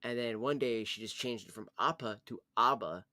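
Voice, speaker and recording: A man's voice: medium pitch, moderate pace, pushed and bright, no echo, studio quality. A young man, hosting his channel, chatting casually, laughing often and swearing freely. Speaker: channel host. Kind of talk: casual chat.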